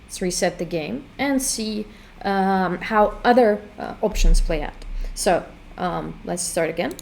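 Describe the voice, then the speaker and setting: A woman giving casual walkthrough commentary on her own game, thinking aloud with hesitant pauses. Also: mid-range voice, gravelly, darkish tone. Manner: hesitant, full of fillers and restarts while thinking aloud. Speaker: game creator demonstrating her work.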